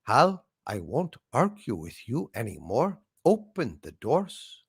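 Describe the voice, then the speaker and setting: A man's voice: medium pitch, huge pitch swings, slow, gravelly, slightly rough, no echo, studio quality, heavily acted. A man voicing a stern male astronaut who gives curt demands to his ship's computer. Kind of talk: comedy sketch.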